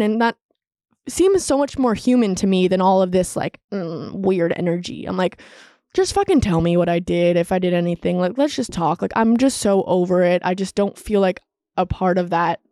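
A woman's voice: mid-range voice, a little mellow, dry recording, studio quality. A young woman in her twenties hosting a solo podcast, talking in a chatty, confessional way full of "like" fillers. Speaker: podcast host.

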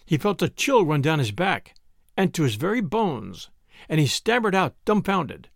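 A man narrating a classic short story as the podcast's reader, in a measured storytelling manner. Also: on the high side, sing-song, creaky, no echo, clean studio sound. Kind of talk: scripted narration.

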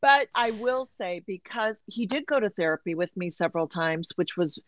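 Woman guest, candid storytelling, animated, slips into quoted voices; dry, slightly dull sound. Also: medium pitch, moderate pace, no echo. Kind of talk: candid personal story in conversation.

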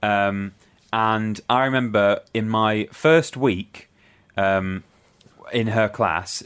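A man's voice: on the low side, clear, resonant tone. A man co-hosting a podcast, telling a long school story in a rambling way with filler words. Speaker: podcast co-host. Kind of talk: casual chat.

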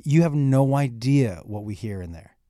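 A man's voice: medium pitch, moderate pace, dry recording, clean studio sound. A middle-aged man, a comedian, telling a story in a casual chat, acting out the dialogue and swearing freely. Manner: animated storyteller, acts out dialogue, profane. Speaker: comedian guest.

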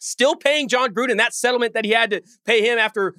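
A man co-hosting a sports podcast, talking in a heated, rapid rant. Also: very high-pitched, sharp tone, no room sound, studio quality. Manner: fast, heated ranting. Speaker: podcast co-host.

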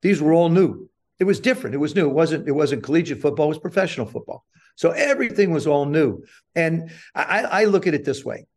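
Older guy spinning a funny story, acts out the lines, voice sits a bit high. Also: fast. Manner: animated, self-deprecating storyteller who acts out quotes. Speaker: guest. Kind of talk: storytelling interview.

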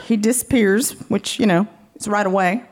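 A woman's voice: mid-range voice, moderate pace, a crowd in the background, background noise. A woman telling a frank personal story, candid and often laughing as she talks.

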